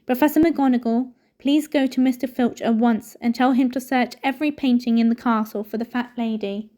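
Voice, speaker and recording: A calm elderly male headmaster wizard who speaks quietly and evenly, as a woman reading aloud puts him on. His tone is soft and mellow. The reading stays measured and steady. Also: a little high, lightly acted. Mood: grave.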